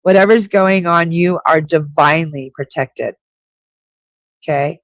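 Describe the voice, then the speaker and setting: A woman's voice: deep voice, unhurried, no echo. A woman giving intuitive readings on a live stream, speaking directly and reassuringly and repeating her key points. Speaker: psychic reader.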